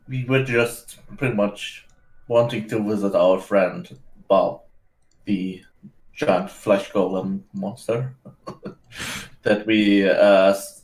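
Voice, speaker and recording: A man playing in a tabletop role-play, talking in character with hesitant, halting phrasing and frequent restarts. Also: lowish voice, fairly even intonation, darkish tone. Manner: hesitant, many fillers and restarts. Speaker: player. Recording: roomy echo.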